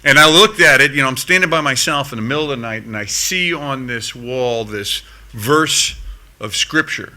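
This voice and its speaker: A man's voice: medium pitch, normal speed, bright, forceful tone. A middle-aged man from the United States, a veteran speaking at a conference, telling a combat story in an earnest voice and repeating words as his pace picks up. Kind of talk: storytelling speech to an audience. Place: conference hall stage.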